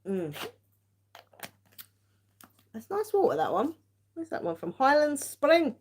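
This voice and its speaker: A woman's voice: mid-range voice, wildly swooping pitch, slow, dark tone, a little hiss or hum. A woman hosting a tarot livestream, chatty and giggly, a bit tired. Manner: chatty, giggly, self-mocking. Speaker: tarot-reading livestream host. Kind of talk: casual live-stream chat.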